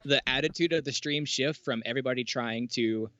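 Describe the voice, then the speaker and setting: A young man chatting casually as a guest, relaxed and quick to laugh, using easygoing slang. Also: medium pitch, no echo, dull audio. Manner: laid-back, laughs often, relaxed slang. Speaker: guest, Twitch streamer and guitarist. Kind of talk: casual chat.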